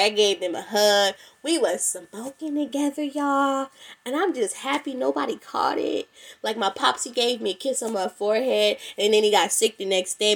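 At home, a young woman chats through her solo podcast, addressing her listeners as "y'all." Her medium-pitched voice is a bit bright but sounds congested and stuffy.

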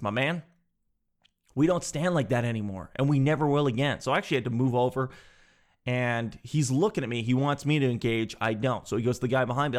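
A man telling a comic story in an animated, exasperated, sarcastic way. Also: medium pitch.

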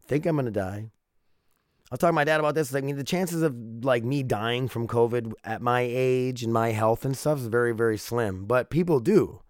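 A man's voice: mid-range voice, clean tone, dry recording, studio quality. A man hosting a solo podcast, sick and foggy-headed, rambling casually with frequent swearing and laughs. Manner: rambling, profane, laughs often. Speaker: podcast host.

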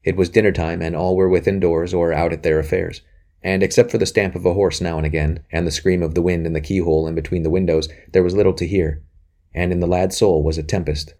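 A man narrating a historical novel, measured and earnest. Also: low-pitched, flat delivery, warm tone. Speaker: audiobook narrator. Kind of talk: scripted narration.

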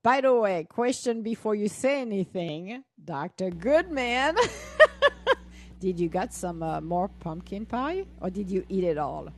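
Animated woman chatting, lively pitch. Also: a little slow, few pauses. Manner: animated, laughs often, restarts sentences. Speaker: host of an audio chat room. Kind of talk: casual chat.

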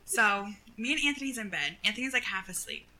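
A young woman co-hosting a casual chat, telling a story in an animated way and acting out what people said. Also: a little high, a little fast, rough recording. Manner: animated storyteller, acts out quotes, laughs often. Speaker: podcast co-host.

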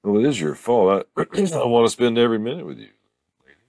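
A man's voice: mid-range voice, expressive, fast talker, creaky, a little mellow, no room sound, pitched above the performer's own voice. A man reading as an earnest young boyfriend. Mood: playful. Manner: earnest, sincere.

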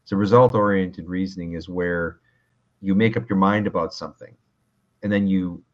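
A Canadian lawyer, a man, calmly explaining legal reasoning in a casual interview, with frequent restarts. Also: sits low, highs cut off. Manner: measured, calm, explains with restarts. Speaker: lawyer guest.

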